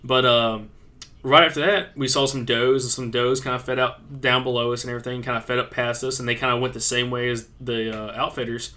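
A man's voice: medium pitch, little pitch movement, a little fast, sharp tone. A man co-hosting a podcast, telling a story in casual chat in a laid-back, loose way. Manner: laid-back, uses lots of fillers like "kinda" and "dude". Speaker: podcast co-host.

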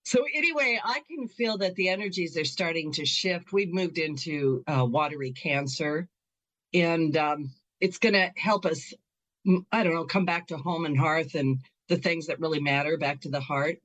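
A woman's voice: sits low, moderate pace, fairly bright tone. A middle-aged woman hosting a talk show and Reiki practice, chatting in an upbeat way with frequent laughs and fillers. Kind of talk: casual chat.

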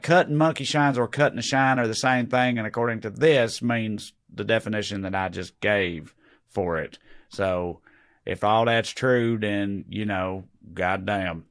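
Pria santai bertutur berputar-putar. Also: male voice, fairly low pitch, clear, resonant tone. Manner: rambling, profane, trails off quietly. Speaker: podcast co-host. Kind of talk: casual chat.

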